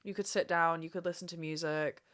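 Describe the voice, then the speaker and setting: A woman's voice: sits low, steady tone, fairly quick, a bit bright. A young woman in her twenties hosting a solo podcast to camera, ranting emphatically and swearing freely. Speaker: podcast host. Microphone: camera mic, speaking to camera.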